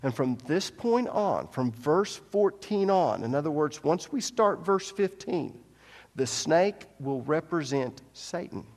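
A man's voice: a little high, animated, takes it slowly. Emphatic man preaching in a reverberant hall. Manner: emphatic, repeats key points, asks rhetorical questions. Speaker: pastor. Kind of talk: sermon. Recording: long reverb of a large hall.

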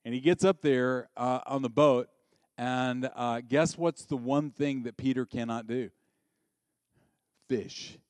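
Male preacher, conversational and dynamic sermon delivery, dry close recording. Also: no echo. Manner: animated, swings from loud and high to quiet and low; conversational, asks the audience questions.

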